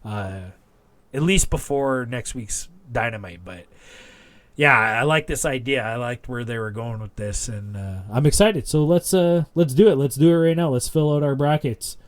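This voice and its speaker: A man co-hosting a casual wrestling podcast, rambling and animated as he retells a segment, full of restarts. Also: medium pitch, moderate pace. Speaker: podcast co-host.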